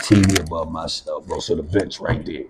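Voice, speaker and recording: A man's voice: a bass voice, steady tone, a little fast, slight background noise, poor audio. A middle-aged man, an interview guest, telling a rambling, profane story in casual talk. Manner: profane, rambling, acts out others' voices.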